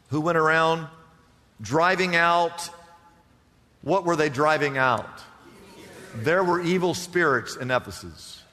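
A man's voice: a little high, a bit bright, in a large hall. A man preaching a sermon as pastor, emphatic and firing off rhetorical questions to the congregation.

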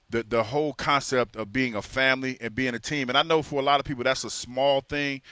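A man's voice: mid-range voice, pushed and bright, no room sound. A man co-hosting sports talk in a laid-back, chatty way who often repeats his words. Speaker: sports radio co-host.

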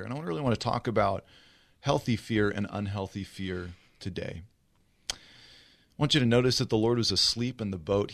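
A man preaching a sermon as a pastor. He tells the story vividly, acting out the scenes, and swings between rushed and slow delivery. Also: lowish voice.

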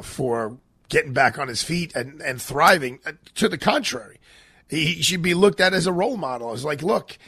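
Emphatic New radio host, husky voice. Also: male voice, a little high, fairly bright tone, no room sound. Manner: emphatic, many fillers and restarts. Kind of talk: talk radio commentary.

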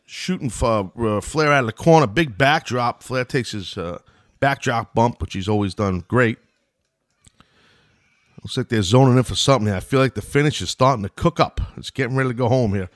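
A man's voice: medium pitch, moderate pace, dry recording. Middle-aged new york guy doing loose play-by-play, rambling asides, dry close sound. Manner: loose and chatty, wanders into asides. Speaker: podcast host commenting on an old wrestling match. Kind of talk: casual play-by-play commentary.

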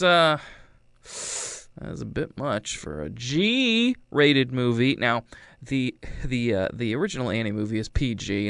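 A man's voice: medium pitch, a bit bright, no room sound, studio quality. A man casually retelling a movie's plot, rambling and wry, acting out lines in silly voices. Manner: rambling, wry, acts out quotes. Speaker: movie reviewer. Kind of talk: casual chat.

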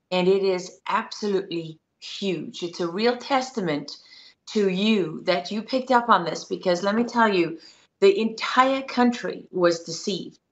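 Earnest woman journalist, muffled sound. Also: on the low side. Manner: earnest and insistent, building her case step by step. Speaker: guest journalist. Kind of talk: interview answers.

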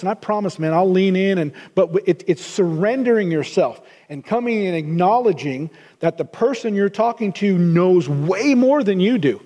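Middle-aged guy preaching, high mellow voice, earnest, trips over his words, big echoey hall. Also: animated, normal speed, few pauses. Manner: earnest, repeats words while restarting. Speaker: pastor. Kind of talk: sermon.

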